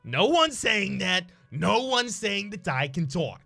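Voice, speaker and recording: A man's voice: mid-range voice, expressive, normal speed, bright, forceful tone, husky, soft background music, full character voice. A man voicing a scheming talking necktie that eggs the hero on. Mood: sly. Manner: sly, egging on.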